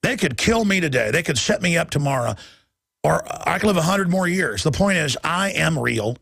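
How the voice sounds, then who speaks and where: Raspy ranting radio host guy, kinda high pitched, super gravelly. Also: very animated, brisk, fairly bright tone, no room sound. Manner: combative, bellowing, mocking. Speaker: radio talk show host. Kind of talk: ranting talk radio monologue.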